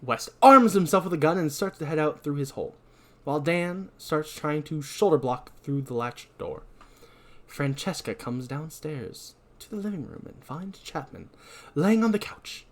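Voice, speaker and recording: Animated male podcast host recapping. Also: a little high, normal speed. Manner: animated storytelling, self-deprecating asides. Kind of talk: casual movie recap.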